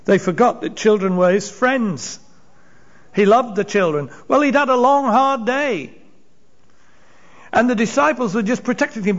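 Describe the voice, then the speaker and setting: In a high voice recorded with lo-fi sound, a man preaches a sermon that retells Bible stories. He acts out the characters' voices, his emphasis rising and falling as he narrates.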